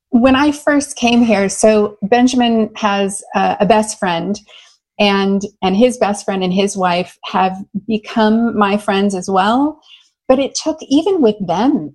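A middle-aged American woman, a love coach, talking enthusiastically in an interview and telling lively stories with easy laughter. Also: mid-range voice. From United States. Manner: enthusiastic, animated, laughs easily. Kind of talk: conversational interview storytelling.

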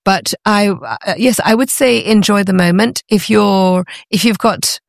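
A middle-aged woman being interviewed, chatty and enthusiastic, often pausing with ums as she explains. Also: mid-range voice, gravelly, no room sound, studio quality. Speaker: guest, antiques author. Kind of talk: conversational interview.

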